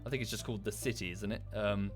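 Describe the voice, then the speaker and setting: A man's voice: fairly low pitch, steady tone, fast talker, soft background music. A man with a British accent chatting casually on a livestream while playing a game, rambling with enthusiasm and swearing freely. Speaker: streamer.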